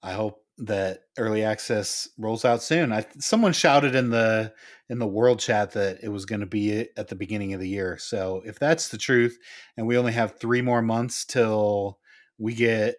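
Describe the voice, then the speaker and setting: A man co-hosting a casual gaming podcast, relaxed and teasing, laughing often. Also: lowish voice, moderate pace. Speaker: podcast co-host.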